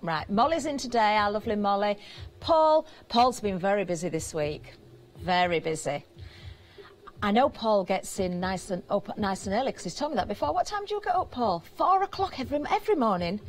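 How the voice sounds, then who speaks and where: A British woman presenting on a live TV shopping channel, chatty and giggly as she banters with the crew, her voice slightly hoarse. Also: mid-range voice, animated, a little fast. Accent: British English. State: slightly hoarse, throat catching.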